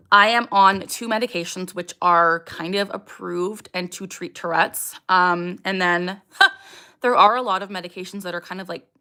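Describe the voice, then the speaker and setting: A young livestream host answers her viewers' questions candidly in a casual stream. Her fairly low voice is bright, clean and forceful. She fills her answers with ums and sudden vocal tics.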